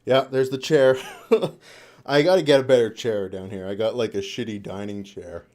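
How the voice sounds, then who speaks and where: A young man with a low, mellow voice chats loosely on a live stream. He rambles, swears freely and laughs between thoughts. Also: normal speed. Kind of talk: casual live-stream chat. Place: home room.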